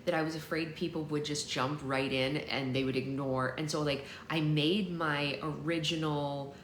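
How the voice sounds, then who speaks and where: Chatting with viewers on her livestream, this young woman responds to comments as they come in, rambling, playful, and poking fun at herself through mock boasts. Her low voice keeps a steady tone at a moderate pace, and the recording is reverberant with a faint hiss underneath.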